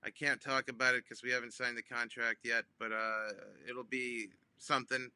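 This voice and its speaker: Bright-voiced man telling a story. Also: medium pitch, little pitch movement, normal speed, clean tone, dry recording. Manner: acts out both sides of phone calls with big voice jumps; hesitant, many ums and restarts. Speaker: comedian guest. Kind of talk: animated storytelling.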